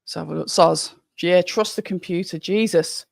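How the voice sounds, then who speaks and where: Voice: medium pitch, steady tone, normal speed, gravelly, no echo, studio quality. A streamer with a Birmingham accent hosting a live boxing watch-along, chatting casually and reading viewer comments aloud in a rambling style with frequent restarts. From Birmingham, England.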